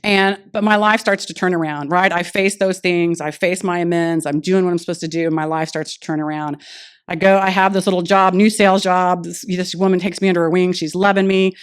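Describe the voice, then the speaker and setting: A woman speaking at a recovery meeting, telling her personal story in a lively way and acting out the dialogue she recalls. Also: lowish voice, fairly quick, clear, resonant tone. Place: meeting room.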